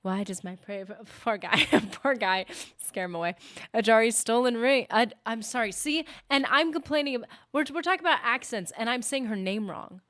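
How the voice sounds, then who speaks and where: A woman's voice: fairly high pitch, expressive, moderate pace, few pauses, bright, forceful tone. A woman gaming streamer chatting casually and rambling while she plays, often correcting herself. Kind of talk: casual live-stream chat.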